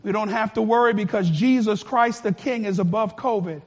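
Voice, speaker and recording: A male pastor preaching a sermon with passion, swinging from quiet, earnest words to shouts. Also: high-pitched, normal speed, muffled recording.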